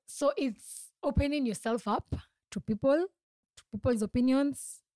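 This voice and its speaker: A young woman hosts a reflective solo podcast in a high, unhurried, warm voice with no echo. She talks earnestly and confidingly, often laughing and starting her sentences over.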